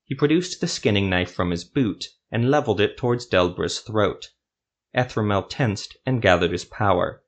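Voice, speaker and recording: Low-voiced male fantasy storyteller. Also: moderate pace. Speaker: narrator. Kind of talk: scripted narration of a fan fantasy story.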